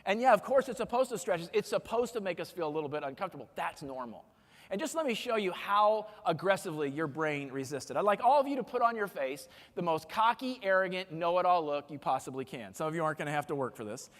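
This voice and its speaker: A man giving a motivational keynote speech in a large conference hall, energetic and joking as he leads the audience through exercises. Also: high voice, fast. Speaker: keynote speaker. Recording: long hall reverb from a live stage.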